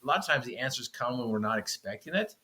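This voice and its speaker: A man's voice: mid-range voice, animated, fast, sharp tone. A man, a podcast guest, earnestly telling a personal story with frequent restarts.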